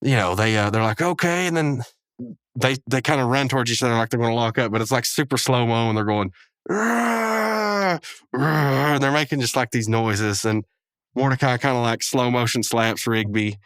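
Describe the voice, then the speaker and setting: A man's voice: medium pitch, steady tone, fairly quick, a bit bright, clear, resonant tone, no echo. Guy hosting a podcast, rambly recap, lots of asides and chuckles, dry close sound. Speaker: podcast host. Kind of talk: casual episode recap.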